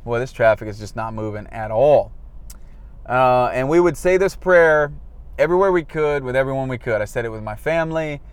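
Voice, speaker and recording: Guy talking in his car in traffic, frank and a bit self-mocking, mid-pitched voice, does little voices for old conversations. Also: expressive, a little fast, clear, resonant tone, no room sound. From Florida, US. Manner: candid, self-deprecating, acts out quoted dialogue. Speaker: former evangelist recounting his past. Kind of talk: casual reflective monologue.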